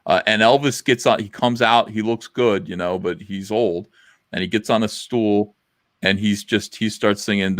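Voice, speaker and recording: Middle-aged man, low voice, dry close sound, rambling casual livestream talk. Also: normal speed, fairly bright tone, no echo. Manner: rambling, blunt, with many fillers. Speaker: livestream host.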